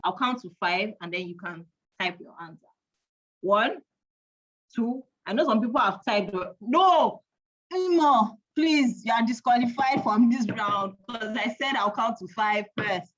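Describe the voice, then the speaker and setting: In a dull, lo-fi online stream, a woman hosts a parenting event as a lively quiz, counting aloud and teasing her audience in a playful, chatty way. Her voice is medium-pitched and a bit bright, with a measured pace.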